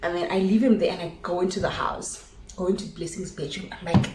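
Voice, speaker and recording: Animated South African woman, echoey room. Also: medium pitch, fast. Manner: animated storytelling, switching languages, acts out dialogue. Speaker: vlogger. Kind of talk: casual storytime chat.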